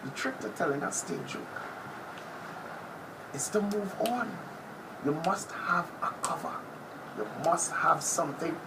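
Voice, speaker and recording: A man doing an impression of a brash, boastful male TV personality, with a theatrical, drawn-out delivery that drops to whispers. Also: a little high, sing-song. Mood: knowing. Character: brash boastful male TV personality, self-proclaimed top predator. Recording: noisy background ambience.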